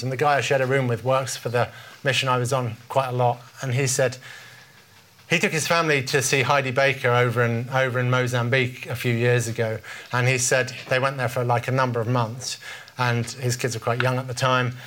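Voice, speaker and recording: A man's voice: mid-range voice, a bit bright. British man preaching, chatty storytelling. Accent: British English. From Britain. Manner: conversational, storytelling with frequent restarts. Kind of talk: informal sermon.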